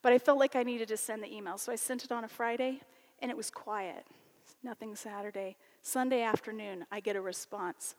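A woman teacher telling a personal story in a sermon, animated and conversational. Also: fairly high pitch, a little fast, in a large hall. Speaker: college teacher and speaker.

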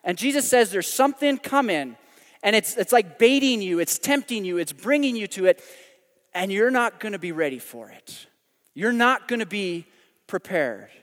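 High-voiced man preaching in a reverberant hall. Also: moderate pace. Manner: animated, emphatic preaching with sudden loud climaxes and quiet drops. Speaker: pastor. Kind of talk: sermon.

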